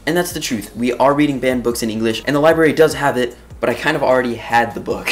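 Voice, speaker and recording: A teenage boy telling a school story in a casual, excitable way, exaggerating and laughing often. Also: medium pitch, quick pace, soft background music. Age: teens.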